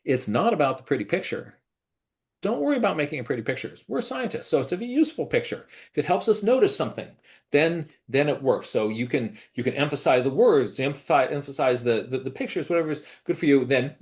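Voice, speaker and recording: A middle-aged man leading an online workshop, animated, acting out gushing praise in a high voice. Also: fast talker. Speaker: workshop presenter.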